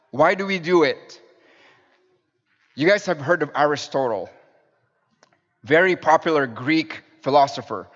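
A man's voice: on the high side, measured pace, pauses often. A man in his thirties preaching a sermon as a minister, telling family stories in a conversational, storytelling way to the congregation. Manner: warm storytelling with fillers and restarts, addressing the congregation. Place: church sanctuary with pews. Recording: dull sound in a reverberant church hall.

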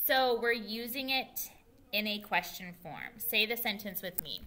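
Woman, teacher, reading lesson for young children, slow speech, bright tone, encouraging. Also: mid-range voice, animated. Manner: slow, clear spelling aloud and encouraging praise. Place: school.

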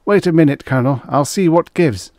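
A man's voice: fairly high pitch, a little fast, a little mellow, no room sound, clean studio sound, pitched above the performer's own voice, lightly acted. A man voicing a dazed, injured male astronaut who sounds strained and bewildered in a vintage science fiction audiobook. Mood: eager.

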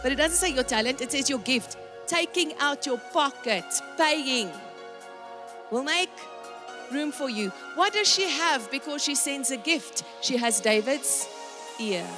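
A woman's voice: high voice, expressive, measured pace, big-room sound, music in the background. A woman preacher giving a dramatic sermon, acting out the lines of the people in the story and talking straight to the women listening. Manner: dramatic, acts out the characters' lines; talks directly to women in the audience.

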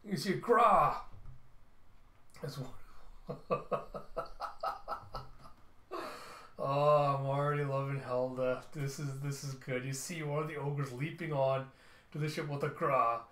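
A man's voice: mid-range voice, flat delivery, moderate pace, far from the mic. A man casually narrating and reacting as he reads through a comic book. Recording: roomy echo.

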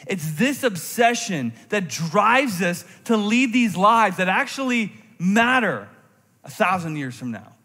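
Animated male preacher in a reverberant hall. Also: high-pitched, a little slow, slightly rough. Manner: animated, shifting from intense emphasis to quiet reflective tones. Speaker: pastor. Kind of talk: sermon. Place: church sanctuary. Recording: long hall reverb from a church sanctuary.

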